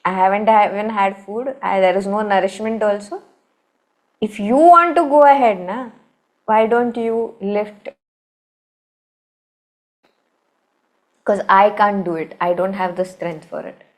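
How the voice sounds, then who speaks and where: Frail old monkey sage, pleading then calmly instructive, put on by an Indian English woman storyteller. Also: mid-range voice, normal speed, close to an everyday voice.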